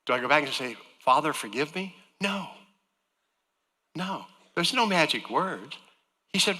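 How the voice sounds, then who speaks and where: Man, guest preacher, bright forceful tone, lively pitch, long reverb of a church hall. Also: measured pace, pauses often, husky. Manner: earnest preaching, voice swinging from loud emphasis to soft. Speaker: guest speaker. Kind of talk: sermon. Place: church sanctuary.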